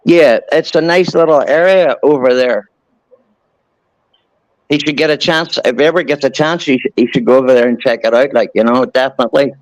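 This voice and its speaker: A man's voice: medium pitch, a little fast, no room sound, highs cut off. A man in his forties from Ireland with an Irish accent, chatting casually as a guest, rambling through stories and swearing now and then. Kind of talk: casual chat.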